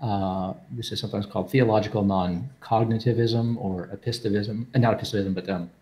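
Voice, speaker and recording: A man's voice: fairly low pitch, fairly even intonation, a little fast, mellow. A man explaining philosophy in a casual group talk, thinking aloud with restarts and repeated words over an online call.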